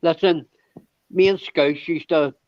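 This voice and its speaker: Male livestream host, high-pitched, ranting and profane, dry muffled sound. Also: fairly even intonation, unhurried, no echo. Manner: ranting, heavy swearing, repeats "it's me". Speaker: show host. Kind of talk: casual livestream banter.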